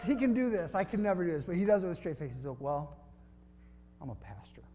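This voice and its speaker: Man preaching in a relaxed, wry way. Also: sits high, racing, very noisy. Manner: conversational, wry storytelling with scripture reading. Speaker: pastor. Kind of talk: sermon with storytelling.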